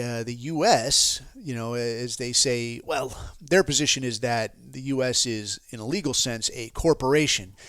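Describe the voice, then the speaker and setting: A man's voice: mid-range voice, a bit bright, no room sound, studio quality. Profane, rambling male podcast host. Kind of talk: casual ranting monologue.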